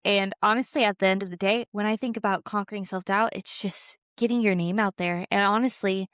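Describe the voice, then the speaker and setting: A young woman talks in a smooth, clear voice, chatting candidly on a podcast. She leans on fillers and swears casually. The sound is dry and close. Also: mid-range voice, brisk, few pauses, a bit bright, no echo. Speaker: podcast co-host and small craft business owner. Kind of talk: casual chat.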